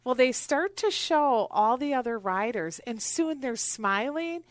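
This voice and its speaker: A woman's voice: high voice, lively intonation, unhurried, dry recording. A woman hosting a radio talk show, chatting and telling anecdotes in an upbeat way. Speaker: radio show host, wealth advisor. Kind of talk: casual radio interview chat.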